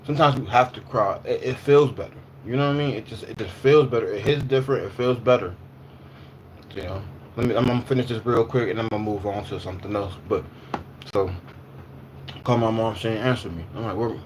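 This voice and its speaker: A slight hiss or hum sits under this man's mid-range voice as he chats on a livestream. In his twenties or thirties, he rambles in loose slang, circles back over the same points, and answers what viewers write.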